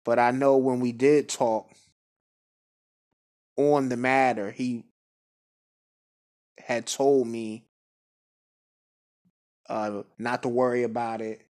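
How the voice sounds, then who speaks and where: A man's voice: medium pitch, flat delivery, slow pace, pauses often, a little mellow. A man casually telling a personal story in a laid-back, conversational way. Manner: laid-back, conversational, with frequent fillers and asides. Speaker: guest speaker.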